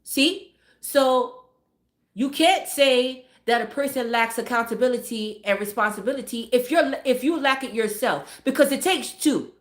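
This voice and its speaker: A slightly high, unhurried female voice with a roomy sound belongs to a livestream host. Speaking to her viewers casually, she offers blunt relationship advice laced with profanity and leans on repeated words to drive points home.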